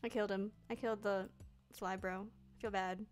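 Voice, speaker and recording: Casual gameplay commentary comes from a young woman streaming, who talks to herself in a playful way and drops into mock archaic phrasing. She has a medium pitch, fairly even intonation and normal speed, with faint game music in the background.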